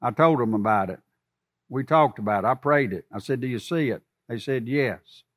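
A man preaching a sermon, swinging from loud emphatic lines to soft low asides and putting questions to the congregation. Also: normal speed. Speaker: pastor.

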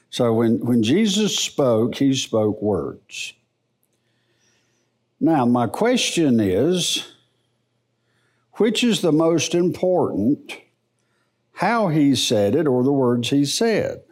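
A middle-aged man teaching the Bible in a church service, in a folksy, unhurried preaching manner. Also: medium pitch. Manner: slow, animated, folksy preaching.

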